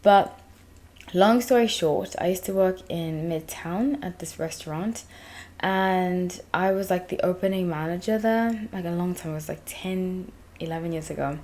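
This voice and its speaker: A woman's voice: lowish voice, moderate pace, darkish tone, slight background noise. A woman in her thirties from England and South Africa, hosting her channel and telling a long, digressive story in casual chat. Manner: chatty, digressive, many fillers. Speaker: tarot reader, channel host.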